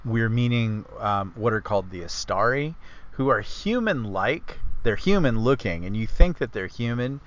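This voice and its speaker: A man's voice: medium pitch, lively intonation, normal speed, highs cut off. A man hosting a casual book discussion podcast, rambling and correcting himself as he explains with enthusiasm. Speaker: author and podcast host.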